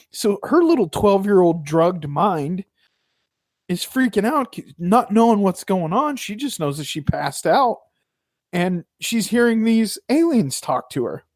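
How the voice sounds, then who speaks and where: A podcast co-host recapping a documentary in casual chat, quick and profane, often correcting themselves. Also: medium pitch, a little mellow, no echo, clean studio sound. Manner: quick, swearing, self-correcting.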